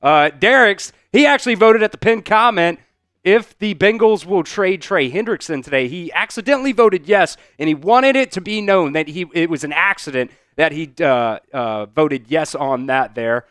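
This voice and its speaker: A male sports host with a slightly higher voice and a smooth, resonant tone, talking in a loose, rambling way full of fillers. He reads viewer comments aloud and responds to them. The sound is dry and close, with no room echo. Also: lively intonation, normal speed, fairly bright tone. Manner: casual, rambling, heavy on fillers; reads out and answers viewer chat. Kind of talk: live sports talk stream.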